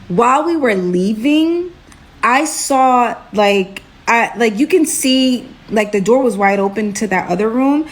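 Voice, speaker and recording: A young woman from Brooklyn recounts a wild story for her viewers. She talks animatedly and casually, filling it with "like" and "right?". Her voice sits a touch higher than most women's. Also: unhurried. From Brooklyn, New York. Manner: animated, chatty with frequent "like" and "right?". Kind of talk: storytime vlog.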